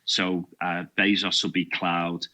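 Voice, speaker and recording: A man's voice: low-pitched, level tone, slow, sharp tone, low-quality recording. A man, a podcast guest and security trainer, chatting casually in a jokey, self-deprecating way. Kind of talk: casual chat.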